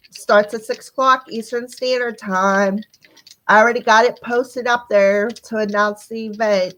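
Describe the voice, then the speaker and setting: Woman, squeaky voice, chatty live-stream tarot reader talking right to her viewers. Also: steady tone, a little slow, a bit bright, poor audio. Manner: chatty, talks straight to viewers. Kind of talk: casual live-stream card reading.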